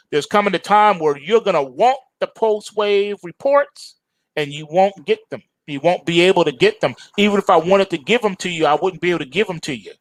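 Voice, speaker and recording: A man's voice: sits high, a bit bright, no room sound. A man hosting a trading show, delivering an urgent lecturing warning to viewers with mocking rhetorical asides. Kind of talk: warning monologue.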